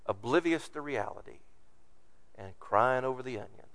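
A man's voice: medium pitch, animated, normal speed, fairly bright tone. A man preaching a sermon, reading scripture aloud and acting out the complaints of the people. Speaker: pastor.

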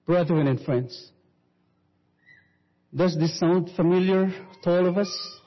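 A man preaching a sermon, slowly telling a story and quoting scripture. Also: high-pitched. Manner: slow, sweeping preaching with Bible quotes. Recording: dull reverberant hall recording.

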